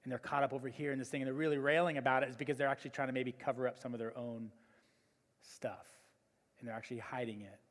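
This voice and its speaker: A male pastor preaching a sermon, telling stories in an animated way with many fillers and restarts. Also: mid-range voice, fast. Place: church hall. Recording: long church hall reverb.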